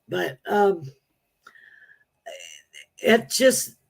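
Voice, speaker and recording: A woman appearing as a psychic medium guest on a casual talk show, speaking in a halting, matter-of-fact way. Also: mid-range voice, creaky.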